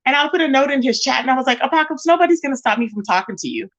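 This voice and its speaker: A woman's voice: sits high, rapid-fire, hardly any pauses, a bit bright. A woman hosting a casual livestream, greeting viewers by name and reading their comments aloud in an emphatic, repetitive way. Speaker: livestream host.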